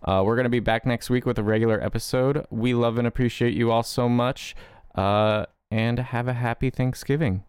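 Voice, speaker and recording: A man's voice: mid-range voice, fairly even intonation, moderate pace, darkish tone, smooth, no room sound, studio quality. A man hosting a tabletop game podcast, blunt and teasing, swearing freely. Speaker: podcast host and player. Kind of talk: casual banter at a tabletop game.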